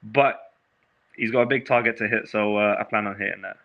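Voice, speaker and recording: A man's voice: fairly low pitch, fairly even intonation, brisk, creaky, highs cut off. A young man, a fighter, answering questions in a casual video-call interview, speaking emphatically and often calling the host bro. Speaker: MMA fighter.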